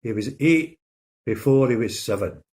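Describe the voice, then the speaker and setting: A middle-aged man telling jokes to his audience like a regular at the bar. His delivery is loose and rambling, full of restarts, and his pitch sits in an ordinary middle range. He nudges his voice up or down for each punchline character. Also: lively intonation, moderate pace, darkish tone. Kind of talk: casual joke-telling.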